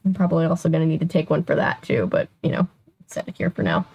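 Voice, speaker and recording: A woman's voice: deep voice, lively intonation, fast, vocal fry, darkish tone, slightly rough, lo-fi sound, faint music behind. A woman in her twenties hosting a casual read-aloud stream at home, chatty and self-interrupting, laughing often as she reads. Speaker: channel host. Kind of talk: casual reading with live chat.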